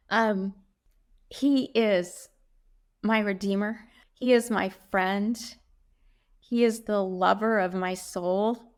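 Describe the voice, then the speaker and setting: A middle-aged woman answers interview questions about her faith in an earnest, heartfelt way. She speaks at a moderate, ordinary pitch and often stops to gather her thoughts with a soft "um". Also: fairly even intonation. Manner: earnest, heartfelt, with frequent "um" pauses.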